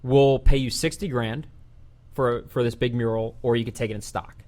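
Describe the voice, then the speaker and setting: A man hosting a laid-back podcast, spinning a long yarn with plenty of swearing. He slips into quoted lines as he goes, with an animated, chatty delivery at an ordinary pitch. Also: moderate pace. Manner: animated, profane retelling with voiced quotes. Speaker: podcast host. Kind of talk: casual podcast storytelling.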